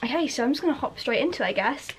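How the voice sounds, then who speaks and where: A woman's voice: high voice, animated, very fast, very noisy. A young woman, chatting casually while vlogging at home about her studies. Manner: chatty, rambling, lots of fillers. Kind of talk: casual study vlog chat. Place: at home indoors. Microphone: handheld then laptop camera.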